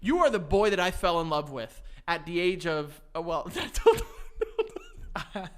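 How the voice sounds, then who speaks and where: Animated, high-voiced man telling stories. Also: measured pace. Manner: animated storytelling, bursts of laughter. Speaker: podcast co-host. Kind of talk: casual chat.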